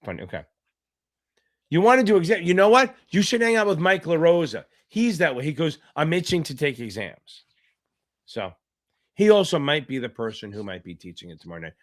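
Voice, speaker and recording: Man as a laid-back, profane finance tutor running a live Q&A; slightly high voice, jokes between explanations. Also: very animated, fairly quick. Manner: casual, joking, swears freely; reads out viewer names, chatty asides. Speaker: exam tutor. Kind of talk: live online Q&A lesson.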